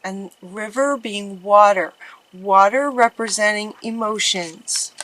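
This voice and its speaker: Soft encouraging lady doing a tarot reading, says things twice, mid-pitched voice. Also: takes it slowly, slight background noise, low-quality recording. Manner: gentle, encouraging, repeats phrases. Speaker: tarot reader. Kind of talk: casual tarot reading to viewers.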